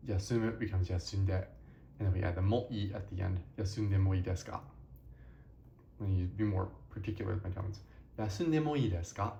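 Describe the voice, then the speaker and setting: A man's voice: sits low, flat delivery, a little fast, creaky, mellow, roomy sound, muffled recording, slight background noise. A tired young man teaching a casual language lesson, rambling and correcting himself as he goes.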